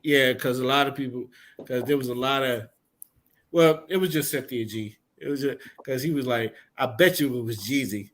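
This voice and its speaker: A man's voice: medium pitch, steady tone, moderate pace, slight background noise, rough recording. A man co-hosting a casual podcast, giving blunt, profane opinions in rambling sentences full of restarts. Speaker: podcast co-host.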